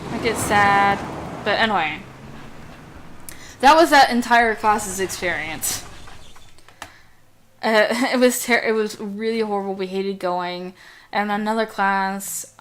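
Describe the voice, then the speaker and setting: A woman's voice: medium pitch, a bit bright. A young woman with a girlish, youthful voice rants casually while playing a game. She talks in a chatty, distracted way and drifts off mid-thought. She drops the odd swear word along the way. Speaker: gameplay commentator. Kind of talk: casual gameplay rant.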